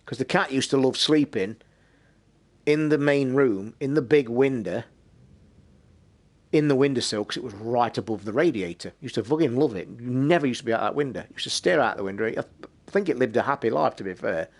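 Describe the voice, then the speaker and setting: A man, telling a long personal anecdote on a podcast in a casual, sweary, animated way. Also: medium pitch, fairly quick. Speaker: podcast host. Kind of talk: casual storytelling.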